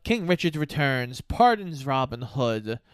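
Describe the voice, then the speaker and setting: A man's voice: mid-range voice, very animated, a little slow, clean tone, no echo, studio quality. A man co-hosting a podcast, recapping a movie in an easygoing, joking way. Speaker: podcast co-host. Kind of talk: casual movie recap chat.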